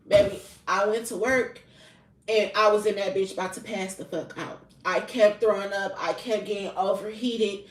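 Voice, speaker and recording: A young woman speaks frankly and casually, peppering her confessional storytelling with profanity as a spiritual reader addressing her viewers. Her voice sits at an ordinary middle pitch for a woman. She is set back from the microphone in a room with noticeable echo. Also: darkish tone. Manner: candid and heavily profane. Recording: roomy echo, mic at a distance.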